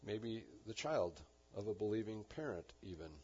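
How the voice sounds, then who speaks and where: A man preaching a sermon, animated and emphatic, with touches of dry humor. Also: fairly low pitch, normal speed, slightly rough. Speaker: pastor. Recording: dull lo-fi recording.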